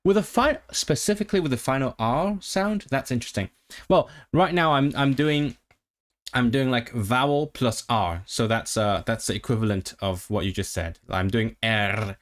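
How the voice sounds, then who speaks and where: A man of ordinary pitch talking casually to his livestream audience. He thinks out loud, often restarting sentences. Now and then he breaks off to practice rolling his Rs. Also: normal speed. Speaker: streamer.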